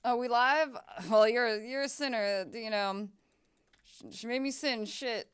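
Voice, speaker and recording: A woman's voice: a little high, unhurried, fairly bright tone, clear, resonant tone. A young woman streaming a game, chatting casually, swearing and laughing as she plays. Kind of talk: casual gameplay chat.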